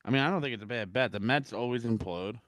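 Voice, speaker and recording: A man's voice: medium pitch, quick pace, fairly bright tone, dry recording, clean studio sound. A man co-hosting a sports podcast in casual chat, gloomy and profane, hedging as he talks. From Philadelphia area. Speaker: podcast co-host.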